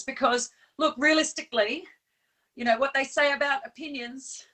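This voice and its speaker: Woman, high voice, bright tone, chatty live host, fillers, laughs. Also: moderate pace, rough recording. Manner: chatty, animated, laughs often, strings fillers. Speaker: stand-in host of a live show. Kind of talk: casual live chat. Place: on Bribie Island.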